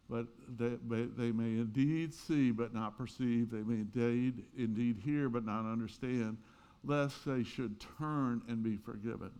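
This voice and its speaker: A man's voice: medium pitch, a little mellow, clear, resonant tone. A man in his sixties preaching a sermon in a conversational way, rising now and then into emphatic peaks. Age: 60s. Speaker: pastor.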